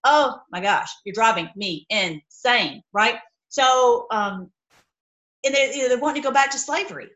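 A woman's voice: a little high, animated, normal speed, a bit bright, poor audio. A woman giving a casual, rambling Bible teaching, talking straight to her viewers and acting out the people she quotes.

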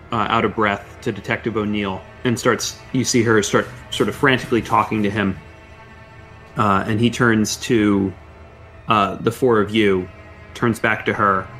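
Brief: male game master, low voice, halting narration, faint music behind. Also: a bit bright. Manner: hesitant, lots of filler.

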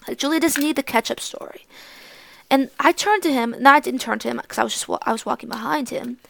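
A woman's voice: high-pitched, fairly quick, gravelly, sharp tone, no room sound. A young woman hosting a podcast, telling a story in a blunt, profane, rambling way. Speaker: podcast host. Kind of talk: casual storytelling monologue.

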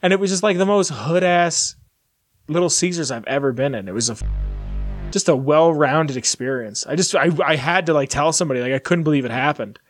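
A man's voice: on the high side, a little fast. A man hosting a podcast, telling stories in a rambling, casual way and swearing freely. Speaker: podcast host. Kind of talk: casual chat.

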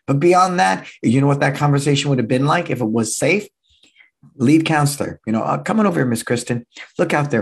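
Husky sixty-year-old man giving an energetic seminar talk. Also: mid-range voice. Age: 60s. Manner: energetic, repeats key phrases, acts out quoted voices. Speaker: martial arts school owner and speaker.

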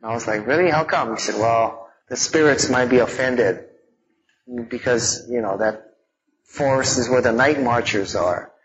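A man teaching a live audience in a relaxed, conversational way, mixing in stories from growing up and frequent fillers. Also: medium pitch, normal speed, dull audio, slight background noise. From Hawaii.

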